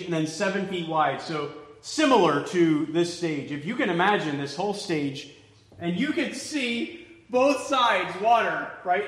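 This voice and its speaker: A man preaching a sermon from a church stage, telling a story vividly and swinging between loud urgency and hushed near-whispers. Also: high voice. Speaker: pastor. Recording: echoey hall with long reverb.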